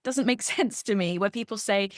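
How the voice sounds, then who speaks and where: A woman speaks as a guest coach in a soft, soothing way, full of gentle reassurance. Her voice sits in a middle pitch. The sound is dry and close. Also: moderate pace, no room sound. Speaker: sober coach, podcast guest.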